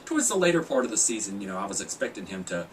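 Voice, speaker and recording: Male vlogger, sarcastic and jokey, pitch jumps all over, set back from the mic with faint room hiss. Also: big pitch swings, racing, distant mic, low-quality recording. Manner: joking, sarcastic, laughs often. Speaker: video blogger reviewing a TV singing contest. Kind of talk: casual chat.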